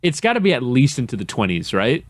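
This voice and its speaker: A man's voice: mid-range voice, sing-song, quick pace, no echo, clean studio sound. A man on a sports podcast, eagerly rambling through a story he saw online, with playful asides. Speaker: podcast co-host. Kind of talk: casual sports-talk banter.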